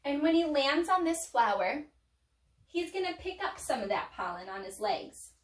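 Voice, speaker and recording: Woman teacher with a high voice for a young children's lesson, playful and animated, recorded from a distance in an echoey room. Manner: animated and playful, with dramatic pauses. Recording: echoey room, mic far off.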